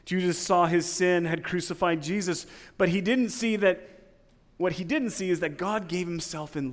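A male pastor preaching a sermon, dropping to hushed, low passages and then building to loud, climbing peaks, repeating phrases for emphasis. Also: moderate pace, big-room sound.

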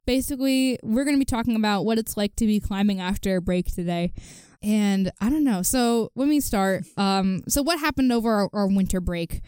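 A woman's voice: mid-range voice, a little fast, few pauses, a little mellow, clean tone, no room sound. A young woman co-hosting a podcast in casual chat, chatty with lots of "you know" and frequent laughs. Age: young adult. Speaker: podcast co-host.

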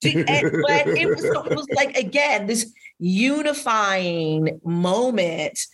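Husky, animated woman guest. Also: mid-range voice, slow. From Indiana. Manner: animated storyteller, acts out quotes. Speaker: guest, wine business owner. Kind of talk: casual podcast interview.

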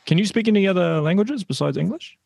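Gravelly-voiced man host, dry close sound. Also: sits high, animated, a little mellow, no room sound. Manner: chatty, quick agreeing interjections. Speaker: podcast host. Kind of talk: casual interview questions.

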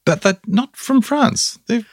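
A man co-hosting a casual chat, lively with short interjections. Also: extremely high pitch, unhurried, no room sound, clean studio sound. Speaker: co-host.

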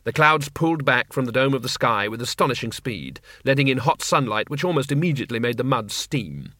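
A male narrator telling a comic fantasy tale in a steady, wry storyteller's voice at a mid pitch. The sound is close and completely dry, a studio audiobook read. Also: fairly quick, hardly any pauses, dry recording.

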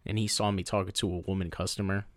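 A man with a lowish voice co-hosts a casual podcast. He tells a personal story with animated energy and drops into playful voices along the way. The sound is dry and close to the mic. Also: fast, dry recording. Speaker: podcast co-host. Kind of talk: casual chat.

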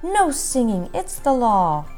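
Don Pepe, a mom voicing a cranky old mayor. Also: female voice, a little high, sing-song, slow pace, darkish tone, faint music behind, voice pushed up. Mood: grumpy. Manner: gruff, snapping, threatening. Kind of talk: storybook read-aloud.

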